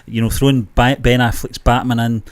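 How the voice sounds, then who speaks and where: A man co-hosting a casual film review, speaking in a measured, opinionated way and repeating his points. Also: medium pitch, flat delivery, clear, resonant tone. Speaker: podcast co-host.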